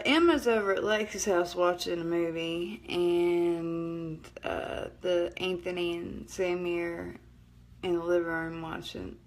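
At home at night, a middle-aged woman with a northeast Alabama Southern accent chats casually on a livestream, rambling, cutting herself off and laughing often. Her voice is on the low side and creaky, with slight background noise.

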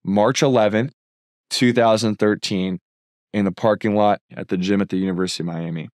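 A man in his thirties with a lowish voice tells his faith testimony with earnest fervor. The sound is close and dry, with no room around him. He builds from story to a heartfelt appeal. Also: fairly even intonation, a little fast, darkish tone, dry recording. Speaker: filmmaker and content creator.

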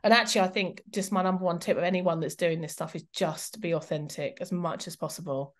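A woman's voice: fairly low pitch, brisk. Woman, interview guest, chatty and candid, self-deprecating, lots of "like" and "you know". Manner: candid, animated and self-mocking, with lots of fillers. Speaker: guest historian and documentary presenter. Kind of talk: casual interview chat.

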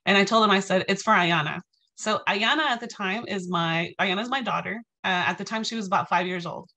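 Woman in her 30s giving a talk, bright forceful voice, chatty, keeps saying right?. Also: mid-range voice, fast talker. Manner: animated, conversational, tags phrases with "right?". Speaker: guest speaker. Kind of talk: storytelling lecture.

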